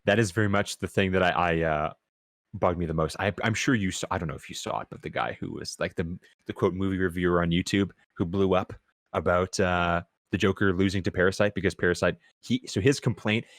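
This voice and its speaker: A man's voice: sits low, steady tone, brisk, no room sound, clean studio sound. A man co-hosting a casual film podcast, talking thoughtfully with many stammered restarts. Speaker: podcast co-host.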